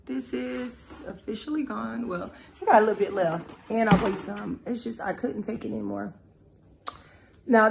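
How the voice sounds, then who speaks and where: A woman's voice: on the high side, vocal fry, a little mellow, a little hiss or hum, poor audio. A woman vlogging in a candid, heartfelt way from home. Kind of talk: casual vlog chat. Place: indoors at home.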